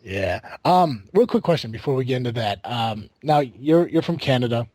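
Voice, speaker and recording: A man's voice: mid-range voice, animated, moderate pace, a little mellow, no room sound. A man from the United States hosting a casual podcast, rambling with lots of fillers and restarts. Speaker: podcast host.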